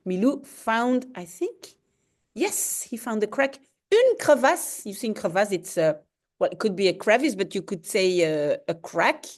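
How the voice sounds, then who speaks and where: Slow, animated woman explaining a comic. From Belgium. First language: Dutch. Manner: animated, explains slowly, adds sound effects like roars and booms. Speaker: language teacher. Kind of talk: reading a comic aloud and translating it for learners.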